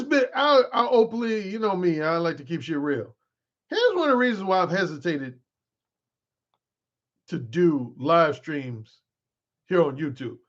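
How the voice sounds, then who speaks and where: Dating coach guy ranting to his followers, candid, voice jumps all over, kinda dull audio. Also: on the high side. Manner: candid and animated, with frequent restarts. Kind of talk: livestream talk to followers. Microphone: desk microphone he adjusts mid-stream.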